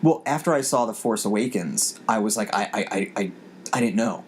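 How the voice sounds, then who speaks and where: A man's voice: lowish voice, lively intonation, brisk. A man in his forties hosting a casual podcast, rambling with many restarts as he thinks aloud. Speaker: podcast host. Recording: faint background noise.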